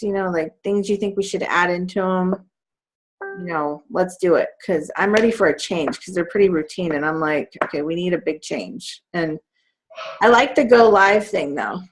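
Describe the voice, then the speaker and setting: Woman, 30s, team coach, casual chatter with lots of "like" and laughs, mid-pitched. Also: normal speed. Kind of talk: casual team call chat.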